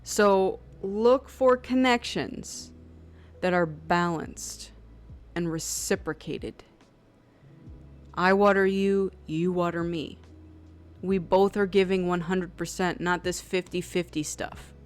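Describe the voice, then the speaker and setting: A woman's voice: fairly low pitch, slow, faint music behind. A woman giving an intuitive tarot reading in a casual, conversational way, filling her talk with "like" and acting out quoted people. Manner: conversational, chatty with many "like" fillers; acts out quoted people in lively voices. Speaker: tarot reader.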